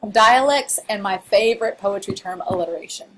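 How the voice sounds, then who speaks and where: A woman's voice: medium pitch, a little fast, slight background noise. A woman with a Southern Illinois accent giving a recorded college English lecture, chatty and playful, with frequent laughs and asides.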